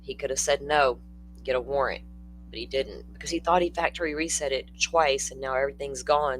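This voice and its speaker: Older man, livestream host, casual blunt chat, mid pitch, faint hum behind. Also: fairly quick, fairly bright tone, poor audio. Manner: chatty, blunt, answers chat comments. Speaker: true-crime livestream host.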